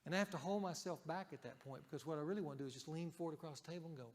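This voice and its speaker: A male pastor preaching a sermon in a conversational way, raising his voice for emphasis and dropping it softly for key points. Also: fairly high pitch, racing, few pauses, big-room sound.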